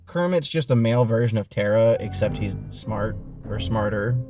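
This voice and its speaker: A man's voice: fairly low pitch, normal speed. Male podcast host, casual recap, sarcastic and foul-mouthed, with music behind. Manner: profane, sarcastic.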